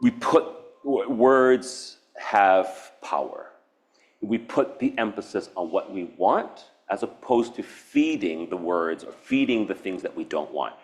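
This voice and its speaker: A man's voice: lowish voice, animated, slow. A man from Hawaii giving a public artist talk, reflective and earnest, wandering between thoughts with restarts and laughs. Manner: meandering, nonlinear, with frequent restarts and laughs. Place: university event space.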